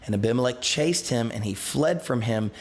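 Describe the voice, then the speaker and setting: Leading a Bible study, this pastor speaks animatedly at a normal pace in a mid-range voice. After reading a scripture passage aloud, he recounts it casually, restarting sentences and adding asides.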